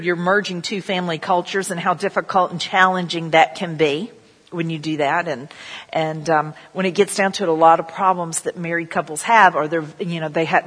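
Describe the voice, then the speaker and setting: A woman's voice: on the low side, a bit bright, slightly rough, big-room sound. A middle-aged woman pastor, leading prayer and telling chatty stories in a sermon, full of "you know" asides. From southern United States.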